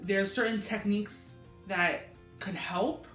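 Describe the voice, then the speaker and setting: A woman's voice: mid-range voice, steady tone, measured pace, a bit bright. A woman who stutters, chatting casually as a co-host. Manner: stutters, repeats sounds. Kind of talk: casual chat. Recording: echoey room with faint music.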